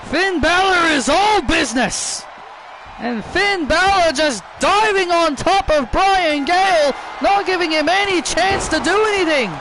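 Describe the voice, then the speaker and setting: A man doing casual play-by-play commentary over a video game, rambling and repeating himself as he gets excited. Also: very high-pitched, measured pace, noisy background.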